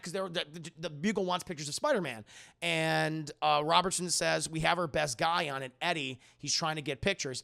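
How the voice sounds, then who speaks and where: A man with a fairly high, bright and gravelly voice talks through a film on his live stream. He chats loosely to his viewers, swears freely and keeps slipping into acted bits of the scenes. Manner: animated retelling, acting out scenes with laughs and swearing. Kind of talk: casual live-stream commentary to chat.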